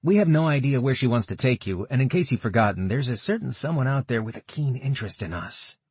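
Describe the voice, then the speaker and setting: A man's voice: medium pitch, animated, fast, a little mellow, husky, no room sound, pitched above the performer's own voice. A man voicing an indignant, suspicious young male adventurer in an audiobook, argumentative.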